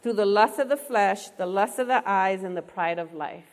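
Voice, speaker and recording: A woman's voice: mid-range voice, normal speed. Woman preaching in a reverberant hall. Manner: asks the audience questions and repeats their answers. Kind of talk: interactive sermon. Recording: long reverb of a large hall.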